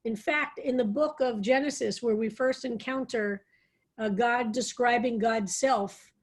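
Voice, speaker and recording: A woman rabbi leading an online psalm study, reading verses aloud slowly and explaining them with thoughtful enthusiasm. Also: a little high. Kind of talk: online text study class.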